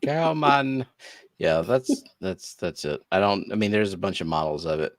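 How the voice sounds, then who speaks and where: A man's voice: low-pitched, moderate pace, dry recording, clean studio sound. A man hosting a casual livestream hangout, talking in an offhand, loose way with some swearing. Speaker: livestream host.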